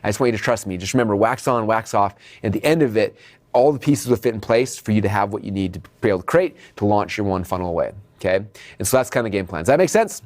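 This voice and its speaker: Fast-talking upbeat male business coach. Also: fairly low pitch. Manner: energetic, direct, checks in with "okay?"; addresses viewers as "you guys". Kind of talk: motivational video training.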